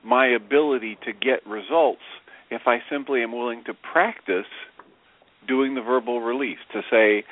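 A man's voice: mid-range voice, expressive, a little slow. A man co-hosting a radio show, explaining his ideas in a reflective, casual way. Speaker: radio co-host. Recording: tinny phone-line radio audio.

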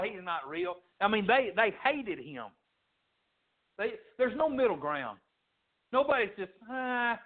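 A man preaching a fiery sermon as pastor, swinging from shouts to low, quiet lines. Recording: tinny phone-like sound.

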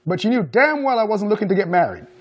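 A man's voice: high-pitched, expressive, quick pace, a little mellow, dull audio, pitched above the performer's own voice. A man voicing a blunt man in his thirties leaving his partner, curt and cutting.

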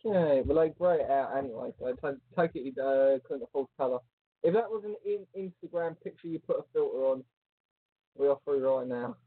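A man co-hosting a casual chat show, teasing and joking in an animated way. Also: mid-range voice, a little fast, breathy edge, no room sound. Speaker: podcast co-host. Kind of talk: casual banter. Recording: phone-like lo-fi line.

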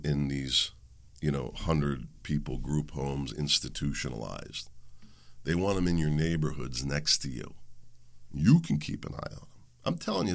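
A man's voice: deep voice, gravelly, fairly bright tone. A man hosting his own talk show, ranting in an angry opinion monologue and mocking the people he quotes. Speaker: podcast host.

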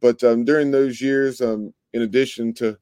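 Host: mellow-toned man, even delivery, dry close sound, asks with ums. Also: medium pitch, smooth, no echo. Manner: measured questions with "um" and "uh" fillers. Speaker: podcast host. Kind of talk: sports podcast interview questions.

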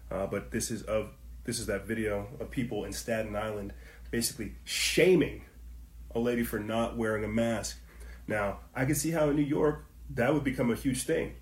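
A man's voice: fairly low pitch, moderate pace, roomy sound. A man hosting a passionate commentary stream, firing off rhetorical questions and talking to his viewers in slangy asides. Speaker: online commentary host. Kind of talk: impassioned livestream commentary.

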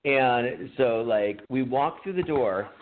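A man's voice: mid-range voice, expressive, takes it slowly. A man co-hosting a podcast, telling an old story in casual chat, laughing often and swearing. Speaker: podcast co-host. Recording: phone-like audio with faint noise.

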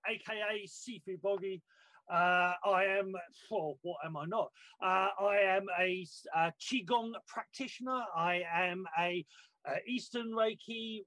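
High-voiced British man, halting speech. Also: bright, forceful tone, no echo, poor audio. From Britain. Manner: halting, many "uh"s, earnest. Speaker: panel guest, Qigong and Reiki practitioner. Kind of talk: casual spiritual sharing.

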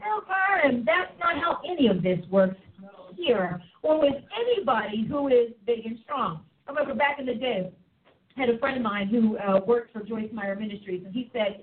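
Brief: exuberant woman show host, high voice, phone-thin sound. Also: animated, a little fast, phone-quality sound. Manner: exuberant, preachy, laughing. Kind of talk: lively live show chat.

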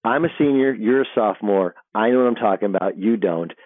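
A man's voice: lowish voice, a little fast, dry recording, lightly acted. A man voicing a cocky, mouthy young male college basketball player who curses at a teammate, over a dry, tinny phone line. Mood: defiant. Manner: defiant, cursing.

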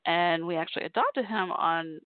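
A woman's voice: lowish voice, moderate pace, no room sound. A woman hosting a call-in podcast, chatting in a rambling way with fillers and asides. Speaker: podcast host and call-in show DJ. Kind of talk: casual solo podcast talk. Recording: dry tinny phone-like line.

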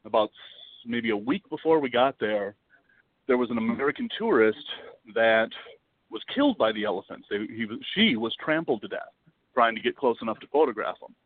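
A man guesting on a podcast, telling a travel story in a lively, dramatic way and swearing freely. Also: medium pitch, a little fast, no echo. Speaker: podcast guest, wildlife video producer. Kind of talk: casual storytelling. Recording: dry, tinny phone-like line.

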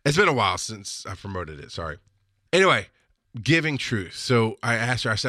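Bright, laughing man chatting on his show. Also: on the low side, animated, brisk, no room sound, clean studio sound. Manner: laughs often, rambling and self-correcting. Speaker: podcast host. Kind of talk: casual livestream monologue.

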